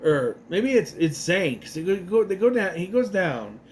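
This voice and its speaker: Rambling man with a lively voice. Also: sits high, a little hiss or hum. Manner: rambling, restarts a lot, acts out lines in quick voices. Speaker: youtuber recapping an episode. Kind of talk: casual spoken recap.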